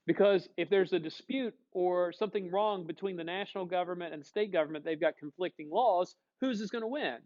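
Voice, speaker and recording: A male teacher giving a casual classroom lecture, animated and quizzing the class. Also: sits high, brisk, hardly any pauses, lo-fi sound.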